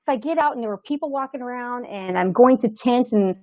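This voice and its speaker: A woman actor guesting on an interview show tells a long story casually, animatedly performing the voices of other people in it. Her voice is a little high and a little fast, with no echo, captured over a remote call setup with slightly dull lo-fi sound.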